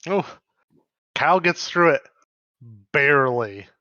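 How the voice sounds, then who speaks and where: A man narrating as game master in a tabletop game, in a loose, halting way and laughing often. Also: on the high side, animated, pushed and bright, dry recording, muffled recording.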